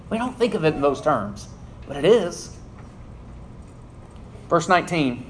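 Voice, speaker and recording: A man preaching a sermon, reading scripture and then explaining it earnestly and emphatically, often dropping low at the ends of phrases. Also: a little hiss or hum.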